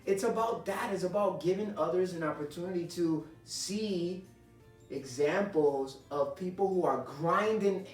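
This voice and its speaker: A man's voice: high-pitched, a little slow. A man co-hosting a faith-based marriage chat, talking in an earnest, encouraging way and quoting scripture. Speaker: co-host of a marriage ministry show. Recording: roomy sound, mic at a distance, soft music.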